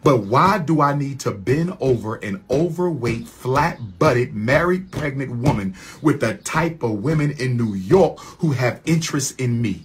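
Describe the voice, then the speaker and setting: A man delivering a heated monologue rant on his own channel, repeating lines in a preacher-like cadence and swinging from low mutters to loud, high questions. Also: lively intonation, unhurried, few pauses, slight background noise.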